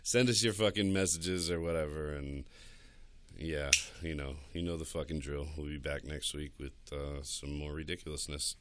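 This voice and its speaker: A man's voice: very deep voice, moderate pace, slight background noise. A man co-hosting a podcast in a studio, talking crudely and boastfully with lots of laughter. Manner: profane, boastful, laughs a lot. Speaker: podcast co-host. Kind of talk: crude casual chat. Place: recording studio.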